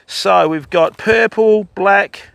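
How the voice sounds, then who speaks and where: Older Aussie man, gravelly and high-pitched, chatty fishing-stream host talking to viewers by name. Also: slow, a bit bright, no echo. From Australia. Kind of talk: casual livestream chat. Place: outdoors by a river.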